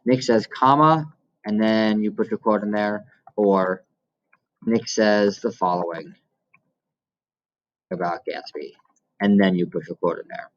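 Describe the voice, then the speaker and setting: A man's voice: on the low side, fairly even intonation, unhurried, pauses often, darkish tone, dull audio. A male teacher explaining how to quote and cite in essays, walking through examples step by step. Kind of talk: recorded classroom lesson.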